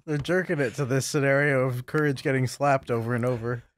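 A man's voice: medium pitch, fairly even intonation, a little fast. A man in casual comedic banter, joking and sarcastic with bursts of laughter. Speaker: let's play co-host.

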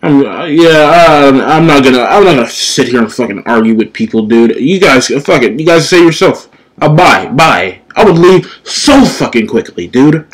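A young man giving casual, excitable reactions while reading a manga chapter, swearing often and calling people dude. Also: medium pitch, measured pace, pauses often. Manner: profane, excitable, says dude a lot.

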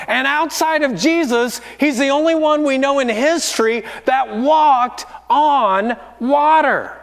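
A man's voice: extremely high pitch, expressive, slow, hardly any pauses, fairly bright tone. A man, a lead pastor, preaching a sermon in a church auditorium and acting out the voices in his stories. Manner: storytelling, acting out quoted voices.

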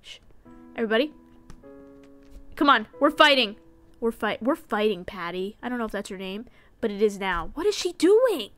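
High, bright-voiced woman streamer. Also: very animated, moderate pace, pauses often, soft background music. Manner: playful, chatty, swings between yelps and hushed whispers. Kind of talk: casual gameplay commentary.

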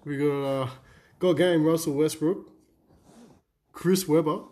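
A man's voice: a little high, fairly even intonation, unhurried, dark tone. A young Australian man co-hosting a card-opening video, casually reeling off card names and swearing through the banter. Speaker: card-break co-host.

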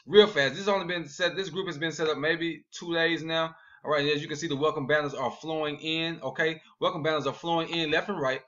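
Man, excited sales pitch, fast, "all right?" after every point, slightly high voice, lo-fi audio. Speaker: network marketing promoter. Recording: dull lo-fi video audio.

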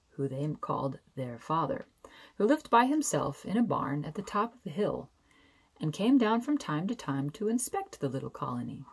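A woman with a low, husky voice reads a fairy tale aloud as a bedtime story. She is gentle and expressive and slows down on key phrases.

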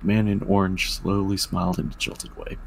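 Casual male reader with a low, gravelly voice; stumbles and jokes between lines. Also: flat delivery, brisk, slight background noise, rough recording. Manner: joking asides, stumbles on words. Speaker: story reader. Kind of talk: reading a fan-written story aloud.

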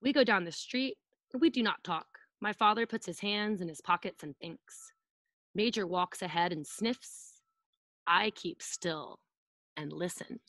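A woman's voice: mid-range voice, fairly bright tone, no room sound. A woman preschool teacher reading a picture book aloud to children over a video call, playfully acting out sound effects and asking them to join in.

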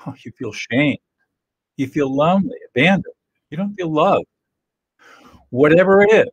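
Older male teacher, husky voice, earnest and direct, dry close sound. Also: lowish voice, no room sound, poor audio. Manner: earnest, plain-spoken, sure of himself. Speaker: presenter teaching emotional skills. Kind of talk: direct-to-camera teaching talk.

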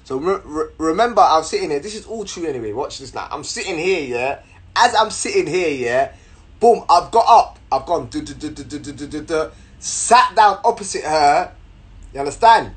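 A young man telling a story to camera in an animated, slangy way, repeating words as he goes. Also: a little high, normal speed. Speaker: vlogger.

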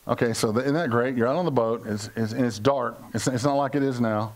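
An older male pastor from the United States preaches to his congregation in a loose, conversational way. He jokes, asks the room questions and puts on playful voices for quoted lines, with his speaking pitch sitting in a middle range. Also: fast, few pauses. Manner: conversational, joking, acts out quotes in funny voices. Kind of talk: sermon. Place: church service before a congregation.

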